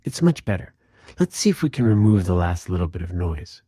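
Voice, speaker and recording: A man calmly and methodically walking through an audio repair tutorial in voice-over. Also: low-pitched, fairly quick, husky, no echo, clean studio sound. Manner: calm, methodical explaining. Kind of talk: screen-recorded software tutorial.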